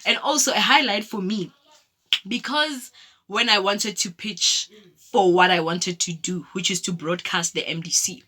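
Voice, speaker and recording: A woman's voice: medium pitch, a little slow, bright, forceful tone. A South African woman telling personal stories in a casual vlog, reflective, with many fillers and restarts. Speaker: vlogger. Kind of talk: casual storytelling.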